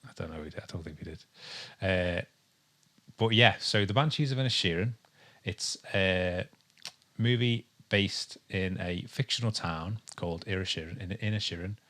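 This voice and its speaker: A man's voice: low voice, normal speed, a bit bright. A man from England co-hosting a casual podcast, rambling through his thoughts with lots of ums and restarts. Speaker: podcast co-host. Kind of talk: casual chat. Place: home with a dog nearby.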